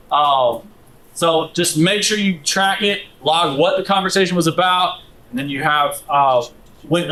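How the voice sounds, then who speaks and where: A man teaching a live workshop, coaching the room in a brisk, direct way. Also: high voice, pushed and bright, low-quality recording. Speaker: instructor.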